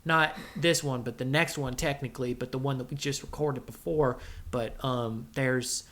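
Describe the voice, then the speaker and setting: A man's voice: mid-range voice, steady tone, moderate pace, a bit bright, pitched below the performer's own voice, natural voice. Brief: man doing a hammy, drawling cowboy outlaw, self-interrupting quiz host. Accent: put-on cowboy drawl. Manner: rambling, goofy, self-interrupting. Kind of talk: comedic podcast bit.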